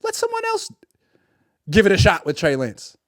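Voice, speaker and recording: A man's voice: high-pitched, huge pitch swings, normal speed, no echo, clean studio sound. A man giving a sarcastic sports commentary monologue and acting out imagined dialogue.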